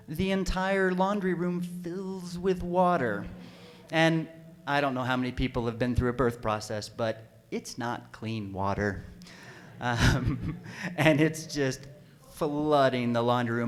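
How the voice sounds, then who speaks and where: A man telling a personal story live on stage at a story slam, animated and self-deprecating, now and then bursting into panicked yelps. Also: fairly high pitch, unhurried. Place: stage at an arts center.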